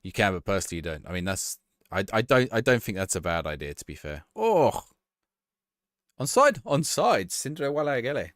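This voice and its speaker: A man's voice: low voice, big pitch swings, moderate pace, fairly bright tone, no echo, clean studio sound. Chatty man live-streaming. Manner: chatty, laughing, reacting to the match. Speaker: livestreamer. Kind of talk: casual live-stream chat.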